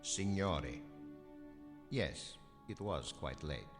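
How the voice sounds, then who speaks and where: An actor with an Italian accent playing an evasive, haughty Italian tourist in a video game, clipped and dismissive. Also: male voice, extremely low pitch, expressive, very slow, full character voice. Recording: reverberant game audio with music.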